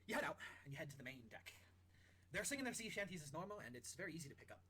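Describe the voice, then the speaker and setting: A man narrating a tabletop game as game master, in an animated way, often laughing. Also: a little high, racing, slight background noise, poor audio.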